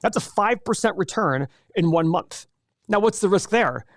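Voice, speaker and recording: A man hosting a live investing class, explaining options with an energetic, animated sales-pitch manner. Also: moderate pace, dry recording, studio quality. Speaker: host teaching an investing class. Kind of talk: live webinar teaching.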